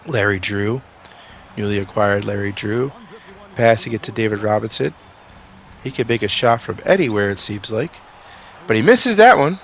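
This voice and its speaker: A man doing play-by-play for a basketball video game simulation, swinging from calm asides to excited outbursts, a bit sick. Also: lowish voice, a little hiss or hum. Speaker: video game sim commentator. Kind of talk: play-by-play commentary.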